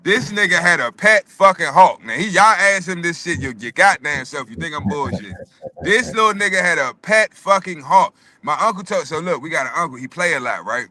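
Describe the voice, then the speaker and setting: A man telling a long story in casual chat, animated and profane, often repeating words. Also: a little high, a little fast. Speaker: podcast co-host telling a story.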